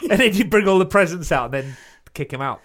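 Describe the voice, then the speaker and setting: Dude cracking quick jokes on a podcast, bouncy up-and-down voice. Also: male voice, high voice, animated, a bit bright. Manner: quick teasing interjections. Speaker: podcast co-host. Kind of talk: casual comedy banter.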